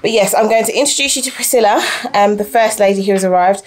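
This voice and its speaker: A mother, chatting casually to camera as the host of a family vlog, animated and a little breathless from blow drying. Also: medium pitch, fast. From United Kingdom. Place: family home, indoors. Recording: noisy home recording.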